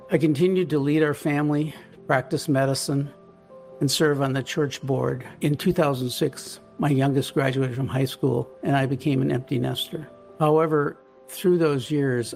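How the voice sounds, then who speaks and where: Man in his sixties, gravelly, earnest church testimony, soft music behind. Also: medium pitch. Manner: earnest, measured storytelling. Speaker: church member giving testimony.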